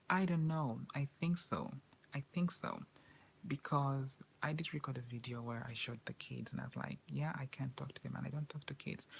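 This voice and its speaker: A woman speaks to camera mostly in a hushed whisper. She rambles anxiously and repeats herself. Her voice has a gravelly fry and stays flat in pitch, with a faint hiss of noise behind it. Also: low-quality recording. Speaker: vlogger. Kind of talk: whispered personal monologue.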